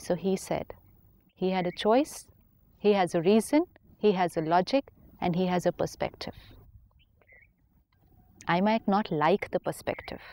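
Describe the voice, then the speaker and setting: Mellow-voiced woman teaching calmly. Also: fairly low pitch. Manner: patient, gently persuasive, acts out inner thoughts. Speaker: spiritual teacher. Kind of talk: calm explanatory dialogue.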